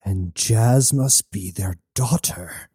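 Guy reading a terse haunted captain, low mellow voice, dry close sound. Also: slow pace, slightly rough, no room sound, exaggerated voice. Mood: tense. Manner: terse, tense. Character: tense haunted male ship captain.

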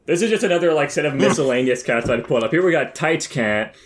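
A man's voice: on the high side, animated, fast, slight background noise. A man hosting a casual podcast chat, joking and swearing as he runs through a ranking list. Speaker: podcast host.

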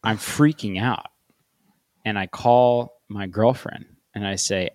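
A man hosting a podcast, telling stories in a casual, deadpan way. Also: lowish voice, takes it slowly, no echo. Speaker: podcast host.

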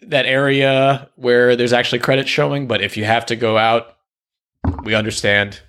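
A young man with an ordinary middle-pitched voice, co-hosting a relaxed podcast. He teases his friends with dry jokes and keeps the segments moving. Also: moderate pace, clear, resonant tone. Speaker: podcast co-host. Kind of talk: casual movie chat.

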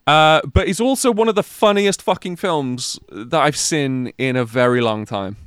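A man with an English Midlands accent, co-hosting a casual podcast chat and retelling a plot with lots of swearing and animated enthusiasm. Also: fairly high pitch, normal speed, clear, resonant tone, no room sound, studio quality. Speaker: podcast co-host.

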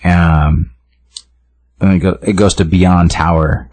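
Low, husky man casually retelling a comic. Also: steady tone, takes it slowly, darkish tone, no echo. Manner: rambling, filler-heavy storytelling with many restarts. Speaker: podcast co-host recapping a comic book. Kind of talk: casual chat, retelling a comic with quick voiced lines.

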